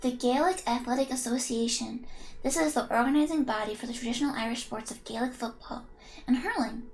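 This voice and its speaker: A woman's voice: on the high side, fairly quick, slight background noise. A woman streaming a game, reading its text aloud and chatting playfully with her viewers, giggling as she goes.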